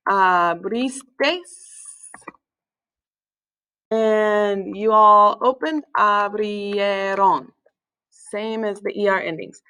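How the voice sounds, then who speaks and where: A woman teaching a recorded language lesson in a relaxed way, with many fillers, slowing down to spell words out. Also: fairly high pitch, rough recording. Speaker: Spanish teacher.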